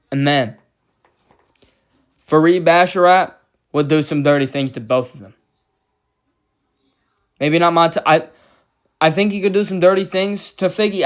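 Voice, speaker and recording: A man's voice: a little high, clean tone. A man giving a casual fight recap, blunt and profane, rambling through his opinions. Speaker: MMA commentator.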